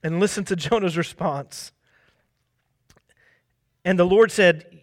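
A man preaching a sermon in a conversational way, often tagging his points with a quick question and acting out quoted speech. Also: high-pitched. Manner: conversational, tags lines with "right?".

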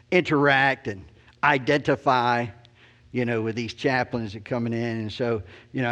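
A man's voice: medium pitch, fairly bright tone. A middle-aged man preaching by telling a story about himself, rambling and self-deprecating, with many "you know"s. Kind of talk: storytelling sermon.

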